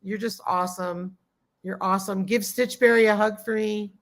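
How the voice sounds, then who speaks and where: Woman hosting a live stream: casual and chatty, reads out the chat, greets viewers warmly, mid-pitched voice. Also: fairly even intonation, normal speed. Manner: gushing and grateful toward viewers. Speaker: livestream host.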